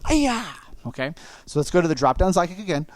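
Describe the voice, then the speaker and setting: A man with a fairly high voice runs an online martial arts class at a very fast clip, coaching and encouraging his students as he calls out moves and kiai shouts. The recording is dry and close, with no room echo.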